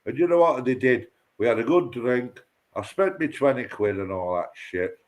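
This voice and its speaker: A man chatting on a livestream panel. He talks in a blunt, profane, rambling way, telling stories at a middling pitch. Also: animated, normal speed. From Lancashire. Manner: loud, profane ranting and storytelling. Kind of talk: casual chat.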